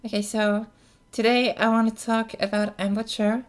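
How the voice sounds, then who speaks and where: A woman's voice: a little high, little pitch movement, normal speed. A woman explaining voice technique in a casual spoken tutorial, hesitant, with many ums and apologetic asides. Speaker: voice coach. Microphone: camera mic, speaker close to camera.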